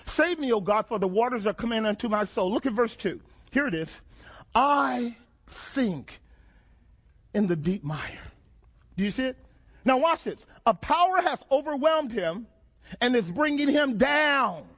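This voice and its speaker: Male preacher, very high voice, dramatic sermon delivery with repeated questions. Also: very animated, normal speed, a bit bright. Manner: dramatic, call-and-response questions, repeats phrases.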